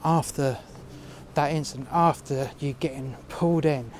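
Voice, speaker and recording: A man's voice: mid-range voice, fairly even intonation, normal speed, a little mellow, slight background noise. A man telling a workplace story outdoors in freezing cold, heated and profane. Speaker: storyteller recounting a workplace dispute. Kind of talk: casual spoken storytelling. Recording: music playing under the voice.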